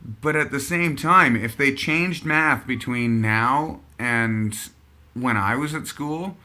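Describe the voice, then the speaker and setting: A man's voice: mid-range voice, slow pace, pushed and bright. A man hosting a casual chat show, rambling and thinking aloud as he talks. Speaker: podcast host.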